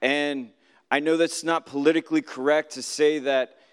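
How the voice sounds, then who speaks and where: A man delivers a relaxed, story-driven sermon to a congregation and keeps asking them questions. He slips into the voices of the people in his stories. His voice is smooth and clear, and it rings out in a hall with a long reverb. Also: fairly high pitch, moderate pace. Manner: storytelling, acts out quoted voices, asks the audience questions. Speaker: preacher giving a Shabbat teaching.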